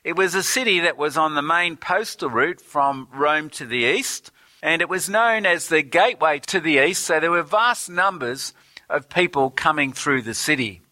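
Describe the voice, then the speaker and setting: A man's voice: on the high side, animated, normal speed, pushed and bright, no echo. A man preaching a sermon in an earnest way, reading scripture aloud and asking the congregation rhetorical questions.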